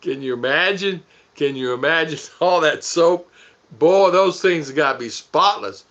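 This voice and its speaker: A middle-aged man chats loosely on his live stream, chuckling as he rambles and thanks viewers one by one. His voice is bright and forceful. The audio is dull and lo-fi. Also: fairly high pitch, a little slow. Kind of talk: casual live stream chat reading comments.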